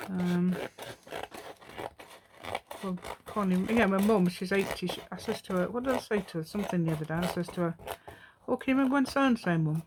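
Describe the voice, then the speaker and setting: A woman's voice: fairly low pitch, noisy background. A woman in her fifties chatting and rambling as she makes a craft piece at home, talking to herself and laughing often. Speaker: craft vlogger.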